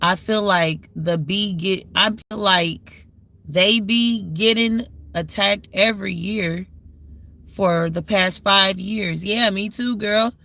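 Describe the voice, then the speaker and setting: A woman talks casually on her own livestream, reflective and conversational, stopping to answer viewers as their comments come in. Her voice is bright and forward, and it sits close and dry with no room around it. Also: mid-range voice, slow, dry recording. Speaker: livestream host.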